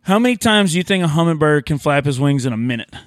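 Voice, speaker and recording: A man's voice: a little high, lively intonation, fast, no echo. A man who works as a rodeo entertainer, joking and teasing on a casual podcast. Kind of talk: casual chat.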